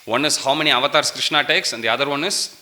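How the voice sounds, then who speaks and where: Bright-voiced man preaching with laughter. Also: mid-range voice, fast. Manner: lively storytelling with laughs and questions to the audience. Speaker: preacher giving a scripture class. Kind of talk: sermon. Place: temple hall.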